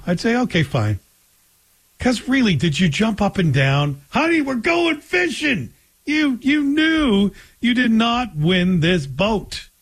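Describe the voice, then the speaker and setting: A man's voice: on the high side, husky. A middle-aged man hosting a talk radio show, telling stories in a joking, conversational way. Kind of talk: casual monologue.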